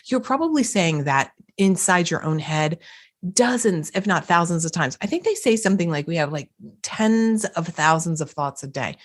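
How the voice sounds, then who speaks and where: A woman's voice: on the low side, expressive, normal speed. A woman hosting a motivational podcast, talking emphatically and repeating phrases for effect. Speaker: podcast host, coach.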